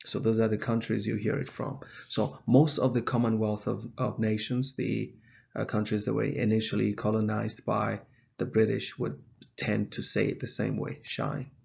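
Gravelly, flat-toned male math teacher. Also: lowish voice, lo-fi sound. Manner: measured, explanatory, with some fillers. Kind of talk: video lesson.

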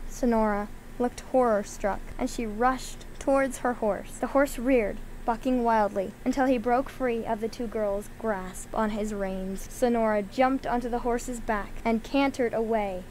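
A woman reading a children's novel aloud, lively, lifting her voice a little for the characters' lines. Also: on the high side, a little hiss or hum, low-quality recording. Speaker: reader.

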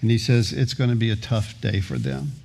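A man's voice: lowish voice, fairly even intonation, brisk, creaky, darkish tone. A middle-aged male pastor preaching a sermon, telling a story and acting out its voices, often repeating words as he starts sentences. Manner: storytelling, acts out voices in anecdotes.

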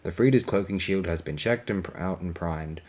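Guy doing a dutiful ship captain, formal, a bit raised and tense, still low voice. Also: moderate pace, darkish tone, natural voice. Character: dutiful middle-aged male starship captain.

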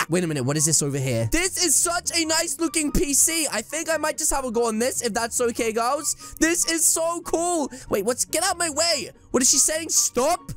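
A young man, his voice pitched unusually high, chatters excitedly through his gameplay. He addresses his viewers directly in a playful, teasing way, with light background music underneath. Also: moderate pace. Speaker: gaming YouTuber. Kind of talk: game commentary.

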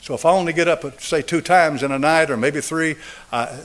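A man in his seventies preaching a sermon and altar call, driving points home through repetition and swinging between raised and hushed delivery. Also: on the high side, normal speed. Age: 70s. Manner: emphatic, repetitive preaching cadence. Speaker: pastor.

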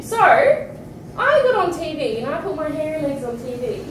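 High-voiced Australian woman, echoey room. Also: moderate pace, noisy background. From Perth, Australia. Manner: animated, frank, swears often, laughs mid-sentence. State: tired and phlegmy. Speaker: feature poet. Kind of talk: casual stage banter. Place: small indoor studio venue with live audience. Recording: echoey room, mic from far off.

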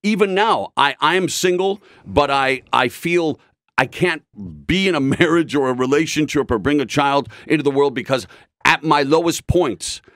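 A man's voice: on the high side, normal speed, fairly bright tone, no room sound, studio quality. A middle-aged man talking candidly as an interview guest, intense and rambling with frequent restarts. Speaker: guest, broadcaster.

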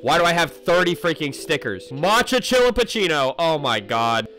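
A man giving excitable, casual commentary while playing a video game, with loud outbursts. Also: a little high, moderate pace. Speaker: gaming video creator. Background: game music.

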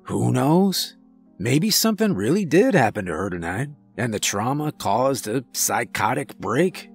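A man voicing a calm, compassionate police chief who speaks softly and gently. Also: medium pitch, creaky, breathy edge, soft background music, exaggerated voice. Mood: gentle. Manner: soft, gentle, measured.

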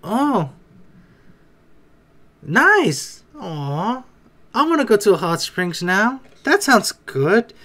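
A man hosting a reaction video, talking casually and excitedly to himself with frequent exclamations and restarts. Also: high voice, extremely slow, pauses often.

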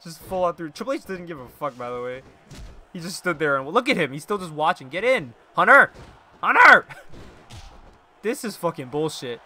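Young male streamer, animated, bright tone, laughs easily, shouts at losses. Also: a little high, fast, a little hiss or hum. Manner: excitable, laughs often, yells at the game. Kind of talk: live gameplay commentary.

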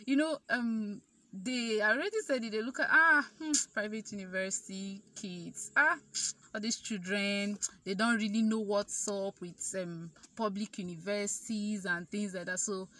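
A young adult Nigerian woman with a Nigerian accent tells a personal story to camera in a vlog. She is chatty, acts out quoted dialogue with animation, and uses many fillers, speaking a little slowly in a mid-range voice.

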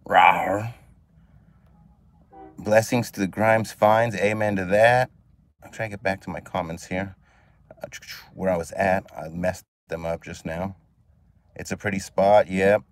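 A man hosting a casual live stream outdoors at a marina, upbeat as he greets viewers by name and reads their comments on a phone held at arm's length. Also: lowish voice. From California. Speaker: livestream host.

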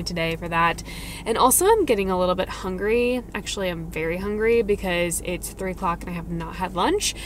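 A young woman chatting casually to camera in a vlog, excitable and gushing as she talks from her parked car and later at home. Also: medium pitch, slight background noise. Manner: chatty and excitable, gushing about food and purchases. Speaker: lifestyle vlogger.

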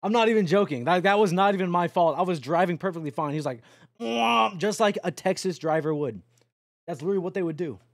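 A young man talks into a close mic on a live stream, rambling and joking with his chat while he plays. His pitch climbs and drops a lot as he tells stories, and the sound is dry with no room echo. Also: lively intonation, quick pace, creaky. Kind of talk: casual live-stream chatter while playing a trucking game.

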